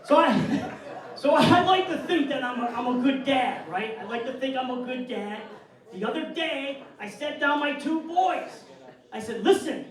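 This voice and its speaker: A man's voice: very high-pitched, lively intonation, measured pace, far from the mic. A man from upstate New York doing a brash, bawdy stand-up set on a club stage. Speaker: stand-up comedian. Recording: echoey club mic'd from afar.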